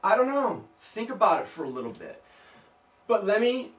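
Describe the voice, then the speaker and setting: A man's voice: sits high, sing-song, normal speed. A man giving casual skeptical commentary to his viewers, firing off rhetorical questions and mocking asides. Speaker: video blogger. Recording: roomy, distant from the mic.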